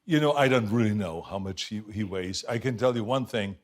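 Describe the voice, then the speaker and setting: A man from Austria with a strong Austrian German accent, telling stories as an interview guest in an animated, emphatic way with frequent laughs. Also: lowish voice, fairly quick. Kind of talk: casual storytelling interview.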